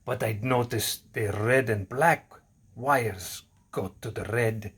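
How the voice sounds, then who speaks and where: A man demonstrating a home repair in casual, halting broken English, restarting and repeating himself often. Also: medium pitch, fairly bright tone.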